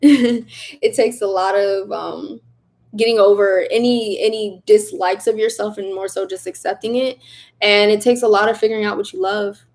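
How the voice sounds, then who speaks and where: A young woman hosting a casual livestream, reading viewer comments aloud in a chatty, animated way and laughing often. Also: mid-range voice, moderate pace. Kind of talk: casual live chat.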